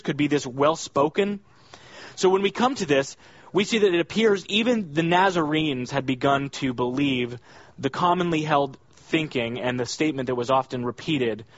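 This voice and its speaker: An earnest man preaching a verse-by-verse sermon, leaning on key words for emphasis. His voice sits slightly high for a man. The recording is dry and a little dull. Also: fairly bright tone, no room sound. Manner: earnest, emphatic, rises high when voicing the villagers' questions. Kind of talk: expository sermon.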